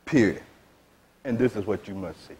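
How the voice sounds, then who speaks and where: A man with a warm, lowish voice, speaking at a normal speed, teaches a sermon to a seated audience. The spiritual teacher's talk is frank and vernacular, punctuated often by "you see?"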